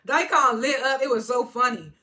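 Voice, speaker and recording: Bright-voiced woman giving a chatty recap. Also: high voice, moderate pace. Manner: chatty and amused, laughs often, retells scenes with "he was like". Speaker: TV episode reviewer. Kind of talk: casual episode recap.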